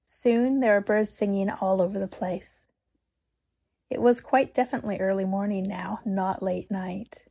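A woman reading a storybook aloud, unhurried and expressive, often dropping to a whisper. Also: mid-range voice, creaky, breathy edge. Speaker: narrator.

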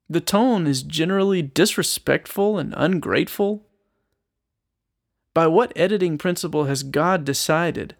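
In a fairly high, gravelly voice, a man who is both a Christian speaker and a musician reads a psalm aloud during a sincere, thoughtful Bible teaching, asking his listeners rhetorical questions.

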